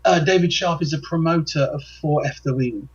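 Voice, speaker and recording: A man co-hosts a casual chat in a husky voice, starting and restarting his sentences often. The sound is dull and lo-fi. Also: a little high. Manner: halting, many fillers and restarts. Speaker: co-host.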